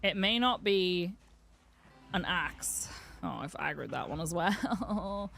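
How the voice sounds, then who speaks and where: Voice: mid-range voice, lively intonation, takes it slowly, gravelly, sharp tone, soft background music. A streamer from the UK giving wry, muttering running commentary while playing a game. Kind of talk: casual gameplay commentary.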